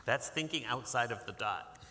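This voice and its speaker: A man from Massachusetts reads a picture book to a young audience in a bright, forward voice. He coaxes the children to join in and keeps the pace lively. A long reverb hangs in the hall around him. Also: medium pitch, normal speed. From Massachusetts, USA. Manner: lively, coaxing, invites call-and-response. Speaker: author reading to children. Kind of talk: interactive picture-book reading.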